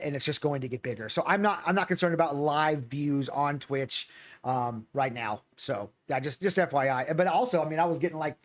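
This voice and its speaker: A man hosting a casual livestream chat, reading chat messages and talking in halting, self-repeating bursts. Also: fairly high pitch. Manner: halting, repeats words, reads chat aloud. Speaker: streamer host.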